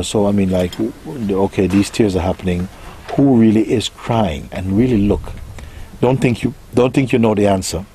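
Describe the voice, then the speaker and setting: A man with a very low voice speaks as a spiritual teacher, answering a question in a soft, unhurried way. He muses gently and leaves pauses between his thoughts. A faint hiss of noise sits behind him.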